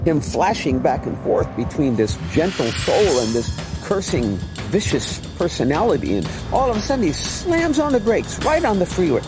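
A man's voice: fairly high pitch, sing-song, normal speed, hardly any pauses, loud music behind the voice. A man preaching his testimony as a vivid storyteller who acts out the dialogue. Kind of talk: animated testimony sermon.

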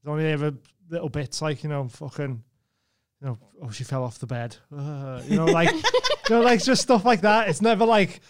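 A man's voice: fairly high pitch, moderate pace, crowd noise. A man hosting a podcast, chatting casually and laughing easily. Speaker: podcast host. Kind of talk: casual chat.

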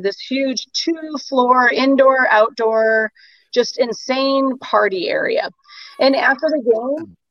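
A woman's voice: on the high side, dry recording. A woman guest on a casual live chat, telling stories with animation and swearing. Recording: dull, dry lo-fi audio.

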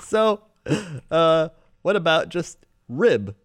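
Male co-host, mid pitch, very lively intonation, dry close sound, deadpan comic bits. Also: takes it slowly, clean tone, dry recording. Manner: deadpan joking, mock explanations. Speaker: podcast co-host. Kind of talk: casual comedic chat.

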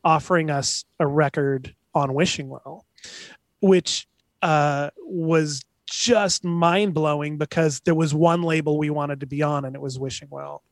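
A man's voice: a little high, a little slow, dry recording. A man, a band member being interviewed, telling stories casually and animatedly. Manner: chatty, animated anecdotes with put-on voices. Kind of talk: casual storytelling.

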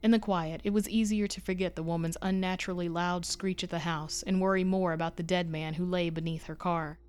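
Woman narrator for a horror audio story, slightly low voice, steady suspenseful telling. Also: brisk, clean tone. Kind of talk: scripted narration.

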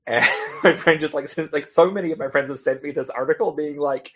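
A man's voice: on the high side, fast talker, few pauses, fairly bright tone, husky. A man, a comic author on a podcast as a guest, telling rambling anecdotes in a casual chat and laughing between restarts. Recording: dull lo-fi podcast audio.

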